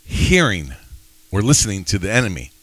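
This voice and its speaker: A man's voice: fairly low pitch, big pitch swings, normal speed, a bit bright, no echo. A man co-hosting a casual faith podcast, rambling and self-questioning with a joking edge. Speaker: podcast co-host.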